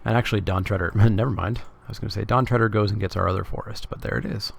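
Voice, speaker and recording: Canadian man, very gravelly voice, fairly low pitch, wry casual stream commentary. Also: steady tone, fast. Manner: casual, wry, talks to chat. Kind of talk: live gameplay commentary.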